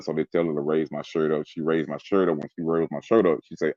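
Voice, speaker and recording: An interview guest with an extremely low, warm voice talks fast with few pauses as he shares a story from his life in casual chat. He tells it intensely and with emphasis, sometimes imitating sounds. The sound is lo-fi and dry.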